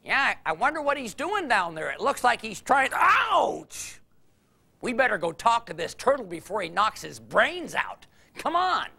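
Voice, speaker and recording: Guy putting on a breezy talky bird, kinda teasing, pitch swings around. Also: big pitch swings, moderate pace, vocal fry, sharp tone, full character voice.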